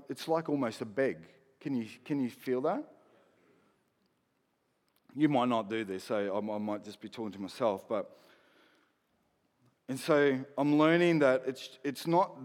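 A male pastor preaching a sermon in a conversational way, with soft asides that build to emphatic declarations. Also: medium pitch. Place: church hall. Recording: long hall reverb.

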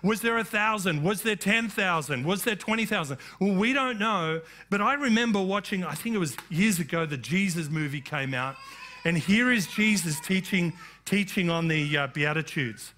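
Man, pastor, sermon, high voice, bright tone, emphatic calls of amen. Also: moderate pace. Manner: emphatic preaching with calls of amen and rising declarations.

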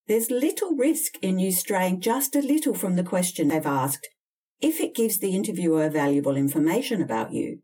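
Direct woman coaching, husky tone. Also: fairly low pitch, dark tone, far from the mic. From Australia. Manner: direct, emphatic, candid. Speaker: interview and communication coach. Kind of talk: instructional advice talk.

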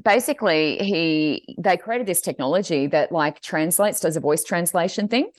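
A woman co-hosting a podcast tells a story in a casual chat. Her pitch swoops widely as she acts out the quoted voices. The sound is dry and close. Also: dry recording. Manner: animated storytelling, acting out quotes. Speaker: podcast co-host.

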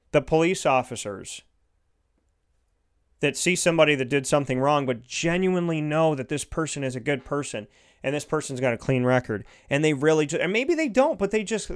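A man's voice: fairly high pitch, clean tone. A man giving an earnest, heartfelt motivational monologue, repeating his points for emphasis.

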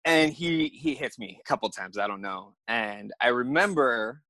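A man appearing as a podcast guest, telling a personal story in an animated, casual way and acting out the moments he describes. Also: mid-range voice, moderate pace, no echo. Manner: animated, acts out the scenes he describes.

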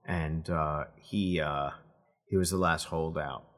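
A man's voice: very deep voice, fairly even intonation, slow, fairly bright tone. A middle-aged man from New Jersey, co-hosting a casual podcast chat and rambling with lots of restarts. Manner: rambling, full of restarts and fillers. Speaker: podcast co-host.

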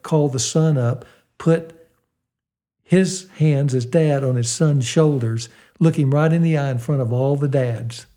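Older american guy, warm mellow voice, tells stories and acts out the quotes, slows way down to make a point. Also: mid-range voice. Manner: animated storyteller, acts out quoted dialogue, slows for emphasis. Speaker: fatherhood speaker and guest. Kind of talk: storytelling talk with a Christian slant.

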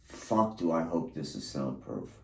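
A podcast host recorded his own treatment session while drugged and disoriented, his voice rumbling low, gravelly, and darkish, sing-song and a little slow in an echoey room. He rambles profanely in a disjointed stream of consciousness, veering from mumbles to anguished cries.

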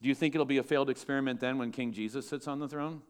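A male pastor preaching a sermon with lively swings between loud, emphatic lines and hushed, low asides. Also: rapid-fire, clean tone.

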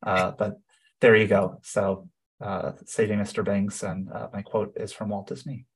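A man with a low, husky voice co-hosting a podcast. He shares his thoughts in a casual way, with plenty of "um"s and "uh"s as he goes. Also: level tone, a little slow. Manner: thoughtful, with frequent fillers. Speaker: podcast co-host. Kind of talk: casual conversational chat.

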